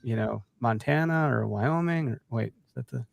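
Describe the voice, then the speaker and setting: A man hosting a podcast in casual chat, animated and acting out the voices of people he quotes. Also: mid-range voice, moderate pace, gravelly, no room sound. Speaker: podcast host.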